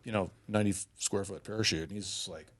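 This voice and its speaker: A man talking as a podcast guest, telling stories in an animated, laid-back way and swearing freely. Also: lowish voice, quick pace. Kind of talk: casual storytelling.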